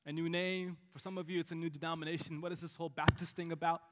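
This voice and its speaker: A man pastor preaching a sermon in a church, emphatic, swinging between loud climbs and quiet, intimate drops. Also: a little high, flat delivery, fast talker, in a large hall. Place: church sanctuary.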